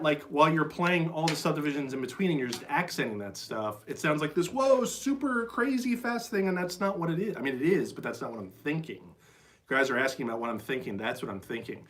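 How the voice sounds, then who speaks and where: A man's voice: fairly high pitch, lively intonation, fairly quick, a bit bright. Chatty man teaching drums on a stream. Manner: chatty, enthusiastic, full of "like" and "right?"; scats rhythms aloud with syllables. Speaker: drum teacher streaming live. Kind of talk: casual live-stream drum lesson. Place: drum shed. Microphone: phone.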